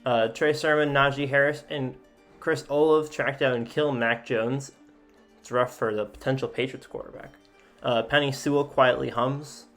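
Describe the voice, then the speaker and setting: A man's voice: medium pitch, fairly even intonation, normal speed, a bit bright, soft background music. A man casually reading out simulation events as a sports video host, with frequent filler sounds and offhand asides. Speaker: sports YouTuber.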